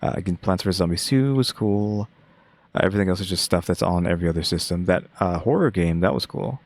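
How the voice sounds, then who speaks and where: A young man hosting his own channel, giving laid-back, monotone reaction commentary. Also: low voice, quick pace, no room sound. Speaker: channel host reacting to a game showcase.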